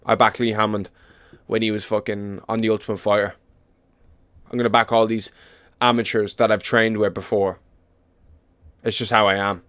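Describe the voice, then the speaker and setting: A man's voice: fairly low pitch, level tone, normal speed, pauses often, a bit bright, smooth, no room sound, studio quality. A young Irish man from Ireland ranting about fighters as an MMA commentator, blunt and full of swearing and repetition. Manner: blunt, profane, emphatic repetition. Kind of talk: casual opinion rant.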